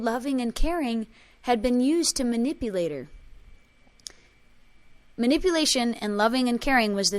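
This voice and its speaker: Addressing a group at a spiritual workshop, a woman with a voice on the high side tells emotional personal stories that include quoted dialogue. She also chants a repeated clearing phrase.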